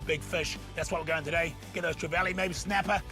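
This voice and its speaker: A man's voice: on the high side, a little fast, music in the background, lightly acted. A man with a New Zealand accent playing a blokey, enthusiastic fishing show presenter in a comedy sketch, full of laid-back banter. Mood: matey. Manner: laid-back blokey banter, excitable when fish bites.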